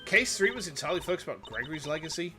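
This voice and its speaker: A man's voice: on the high side, very animated, rapid-fire. A man with a Yorkshire accent chatting crudely and animatedly while streaming a video game. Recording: game music underneath. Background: game music.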